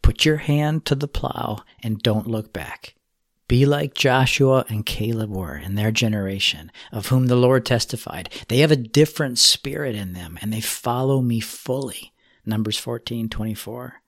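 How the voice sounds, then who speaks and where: A man giving a sermon, speaking in an earnest, measured way as he exhorts his listeners. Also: mid-range voice, no echo, studio quality. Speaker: preacher.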